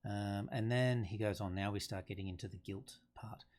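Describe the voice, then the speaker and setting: Male teacher, lower register, casual explainer who thinks aloud. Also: steady tone, moderate pace, darkish tone. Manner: conversational, thinking aloud with fillers and restarts. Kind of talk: casual lesson explaining a play.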